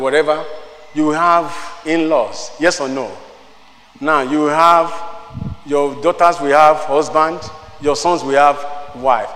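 Older pastor preaching, high voice. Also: male voice, fairly bright tone, in a large hall, poor audio. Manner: preaching with rising emphatic bursts and asides. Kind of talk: sermon. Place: church hall.

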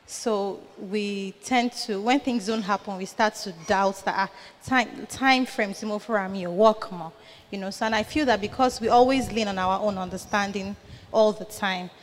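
A woman's voice: mid-range voice, moderate pace, long reverb tail, a little hiss or hum. A woman in the congregation giving a thoughtful, slightly hesitant answer during a Bible study. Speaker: congregation member.

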